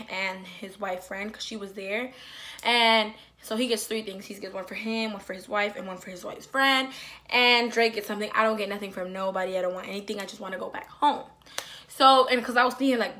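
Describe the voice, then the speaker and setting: A young woman casually telling a personal story, acting out the quotes with big swings from loud to hushed. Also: mid-range voice.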